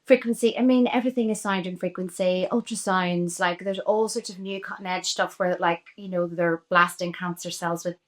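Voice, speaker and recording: A Northern Irish woman in her forties talks with earnest, emphatic passion. She is a guest actress in a relaxed interview. Her delivery is warm and heartfelt. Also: fairly low pitch, moderate pace, few pauses. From Northern Ireland. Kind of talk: casual interview chat.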